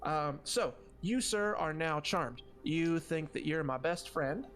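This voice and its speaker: A man running a tabletop game as game master, speaking haltingly with many fillers and restarts. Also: fairly high pitch, animated, a bit bright, soft background music.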